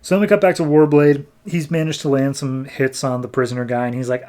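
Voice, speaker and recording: A man's voice: medium pitch, steady tone, brisk, hardly any pauses, a little mellow. Podcast guy rambling through a comic recap, lots of likes and ums. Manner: rambling, filler-heavy retelling. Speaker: podcast co-host. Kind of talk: casual comic book recap.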